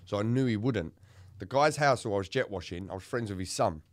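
Candid low-voiced man telling his story. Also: a little fast, slight background noise. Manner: candid, swearing, animated storytelling. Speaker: podcast co-host. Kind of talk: casual podcast chat.

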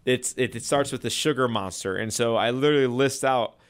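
A man's voice: medium pitch, a little fast. A man, a chiropractor talking earnestly and casually about patient care and diet. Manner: earnest, conversational, retells patient stories. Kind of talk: casual talk to camera.

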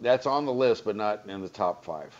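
Low-voiced male radio host, lo-fi. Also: lively intonation, moderate pace, a little mellow. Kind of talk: casual talk radio chat.

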